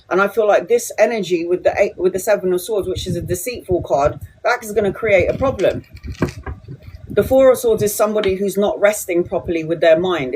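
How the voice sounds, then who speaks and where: A woman's voice: fairly low pitch, a little mellow, slight background noise, low-quality recording. A woman in her forties giving reassuring, chatty tarot readings to viewers on a live stream. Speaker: tarot reader. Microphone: phone or webcam on a live stream.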